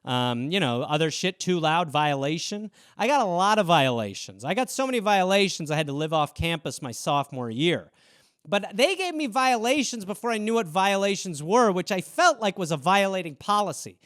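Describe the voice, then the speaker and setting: A man's voice: high voice, sing-song, normal speed, fairly bright tone, clear, resonant tone, no echo, studio quality. A man, hosting a casual solo show and riffing loosely on viewer suggestions in a rambling, self-mocking way. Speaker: host.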